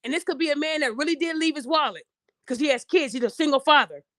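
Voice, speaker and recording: Podcast host, young woman, AAVE, high voice, blunt and lecturing, dry close sound. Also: fast, fairly bright tone, dry recording. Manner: blunt, preachy, addresses listeners directly, acts out quoted voices. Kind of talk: opinionated podcast monologue.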